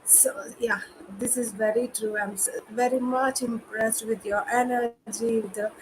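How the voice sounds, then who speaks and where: A woman moderating an online conference session, giving effusive, halting praise and reading audience questions. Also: a little high, steady tone, noisy background.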